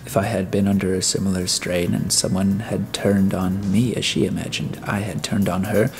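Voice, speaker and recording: A grave, courteous humanoid robot, voiced by a male narrator, speaks in a calm, formal and precise way. His low voice carries a gravelly texture, with faint music behind. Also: normal speed. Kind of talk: audiobook character voice.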